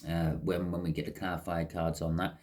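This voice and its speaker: A man giving a casual, chatty tarot reading, often checking in with "okay?". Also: a little fast. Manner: chatty, lively rises in pitch, frequent "okay?" check-ins. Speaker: tarot reader.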